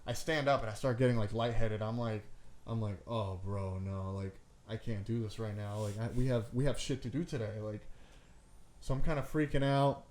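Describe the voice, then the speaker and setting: A man's voice: medium pitch, brisk, a little mellow. A man co-hosting a podcast, telling a long story in casual chat, rambling with lots of "like" and casual swearing. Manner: rambling, full of "like" and "I'm like"; swears casually, says "bro". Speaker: podcast co-host.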